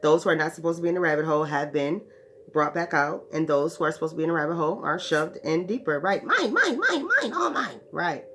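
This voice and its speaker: A woman's voice: sits low, fairly even intonation, fast talker, slight background noise. A woman teaching spiritual ideas to her followers in a profane, emphatic monologue, often checking in with "right". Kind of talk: preaching monologue.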